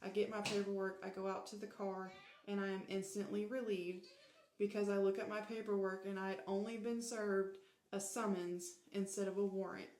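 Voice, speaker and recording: Slight background noise sits under a woman's medium-pitched voice as she tells a personal story at normal speed. Relaxed and open, she gets lively performing the dialogue, speaking the way people do in the American South.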